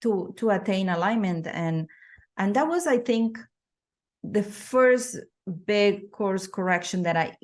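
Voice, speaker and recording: A woman's voice: medium pitch, expressive, slow pace. A middle-aged woman sharing her personal story as a podcast guest, thoughtful, with frequent fillers and restarts.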